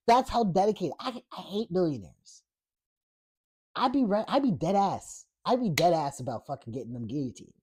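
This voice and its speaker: A podcaster with a high, warm, slightly rough voice speaks unhurriedly but with big pitch swings. His political rant is loose, blunt, and profane, full of fillers and restarts, and he laughs frequently reading the chat.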